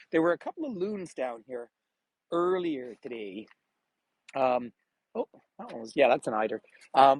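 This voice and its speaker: Lively husky-voiced man on a live tour. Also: on the high side, dry recording, poor audio. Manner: chatty, greets viewers by name, laughs often. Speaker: travel tour guide. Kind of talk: live walking tour vlog. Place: outdoors by a frozen bay in winter. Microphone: phone camera on a gimbal.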